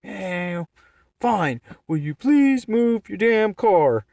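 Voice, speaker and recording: A man voicing a furious, hotheaded male driver who shouts threats and curses in a strained, high-pitched voice. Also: very animated, extremely slow, creaky, no room sound, clean studio sound, heavily acted. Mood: yelling. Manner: ranting and threatening.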